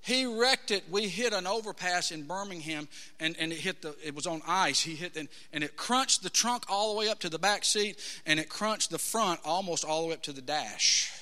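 A middle-aged man preaching a sermon, telling his story with passion and swinging from hushed to shouting. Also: high voice, lively intonation, moderate pace. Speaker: pastor. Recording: hall reverb.

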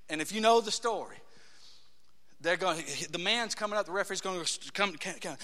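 A man preaching a dramatic sermon in a church, acting out voices and swinging between hushed tones and shouts. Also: high voice, quick pace, long reverb tail. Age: 30s.

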